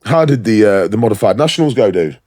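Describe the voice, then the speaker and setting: A man co-hosting a casual podcast chat, talking chattily with plenty of ums and quick laughs. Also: fairly low pitch, animated, dark tone, no echo, clean studio sound. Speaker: podcast co-host, show organiser.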